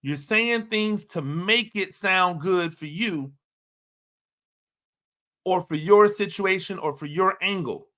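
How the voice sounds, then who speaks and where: A man's voice: sits high, slow, long pauses, pushed and bright. A man giving opinionated sports commentary, talking emphatically and repeating himself with rhetorical questions.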